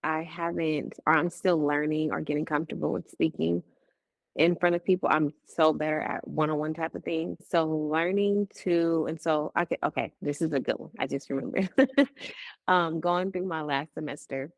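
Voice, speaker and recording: A woman's voice: deep voice, steady tone, moderate pace, vocal fry, dry recording. A young woman, a business coach, talking casually as an interview guest, laughing often and acting out conversations she recalls. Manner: chatty, laughs often, acts out quoted talk.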